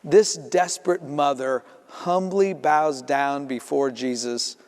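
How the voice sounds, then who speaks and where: A man preaching a sermon as pastor, telling the story in a lively way and acting out the voices in it. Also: a little high, slow pace. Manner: storytelling, acts out voices in quotes. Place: church sanctuary. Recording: reverberant church sanctuary.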